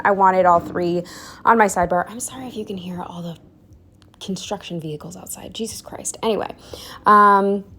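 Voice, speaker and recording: A woman's voice: mid-range voice, fairly bright tone. A young woman narrating a planner video in a casual, rambling way, with fillers, restarts and self-deprecating asides, a bit out of breath. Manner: drops to a whisper for asides. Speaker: planner vlogger. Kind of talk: casual voiceover.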